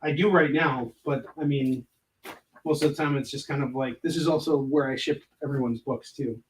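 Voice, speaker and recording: Packing books in an indoor prep room, a man who draws comics chats casually on a livestream as he readies his convention stock, joking and rambling with viewers between tasks. He has a medium-pitched, steady voice at normal speed, picked up far from the mic with slight background noise.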